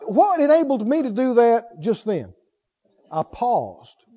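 A man preaching a sermon, emphatic, swinging from loud exhortation to hushed intensity. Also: very high voice, very animated, slow. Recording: dull lo-fi sermon recording.

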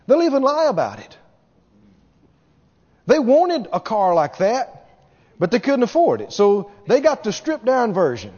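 A man's voice: extremely high pitch, huge pitch swings, a little slow, long pauses, a little mellow. A man preaching a sermon as a pastor, speaking emphatically, repeating key words and mimicking people with a laugh. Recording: dull reverberant hall recording.

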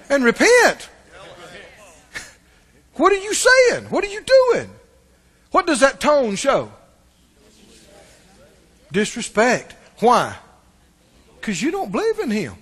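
High, lively preaching man. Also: husky. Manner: emphatic, asks the congregation questions. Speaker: pastor. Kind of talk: sermon.

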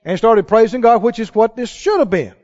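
A man preaching a sermon, dramatic and animated, quoting scripture and building to shouted peaks. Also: very high-pitched, fairly quick, highs cut off.

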